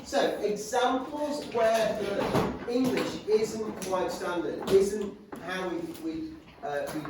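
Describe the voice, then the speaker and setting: A man teaching a classroom reading lesson, questioning and prompting pupils one by one. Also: a little high. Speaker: primary school teacher. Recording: echoey classroom from far off, loud noise.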